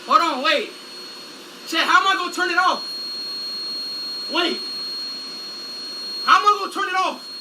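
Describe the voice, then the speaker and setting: A young man with a very high voice pleads and yells at his live chat, repeating himself frantically. He sounds far off from the mic, with a loud vacuum cleaner roaring behind him. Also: measured pace, long pauses, noisy background. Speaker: livestreamer. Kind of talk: live stream talking to chat. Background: vacuum cleaner running.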